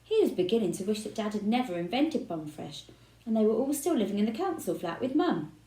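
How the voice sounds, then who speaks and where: A woman reading a children's book aloud with expressive storytelling. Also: mid-range voice, brisk. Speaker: reader. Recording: roomy echo.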